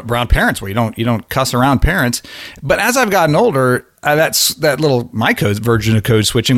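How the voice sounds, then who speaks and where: A middle-aged man hosting a casual conversation, reflective and halting, often restarting his sentences. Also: medium pitch, fairly bright tone, no echo, clean studio sound.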